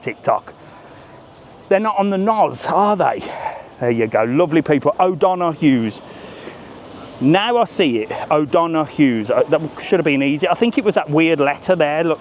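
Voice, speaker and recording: A man's voice: a little high, slight background noise. A man chatting and joking with viewers while walking outdoors on a live vlog. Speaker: travel vlogger. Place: outdoors on a busy seafront. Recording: music loud in background. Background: music playing nearby.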